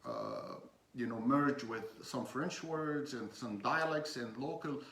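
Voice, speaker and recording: Male coach, slow halting delivery with many fillers, reverberant room. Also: medium pitch, very animated, vocal fry, a bit bright. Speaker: communication coach. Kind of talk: informal teaching talk. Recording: echoey room.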